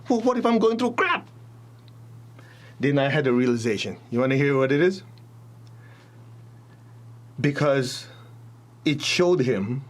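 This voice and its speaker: A man teaching a spiritual talk, telling stories animatedly and speaking straight to his audience. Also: mid-range voice. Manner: animated storytelling, addresses audience directly.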